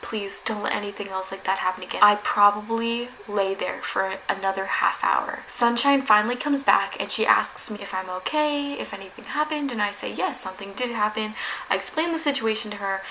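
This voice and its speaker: A woman's voice: medium pitch, moderate pace, slight background noise, rough recording. A young woman vlogger dramatically retelling a story, peppered with "like". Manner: animated, dramatic retelling with frequent "like". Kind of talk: storytime narration.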